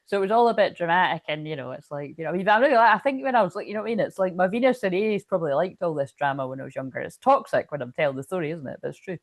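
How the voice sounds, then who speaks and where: A woman's voice: on the low side, animated, very fast, few pauses, no echo. A woman doing casual live-stream chat as a spiritual reader, telling a rambling story full of swearing.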